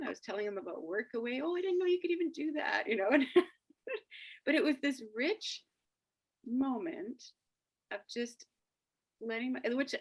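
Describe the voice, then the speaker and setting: Woman host, husky and a bit gravelly, higher voice, lively storyteller. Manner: animated storytelling, acting out quoted dialogue. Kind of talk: casual reflective chat.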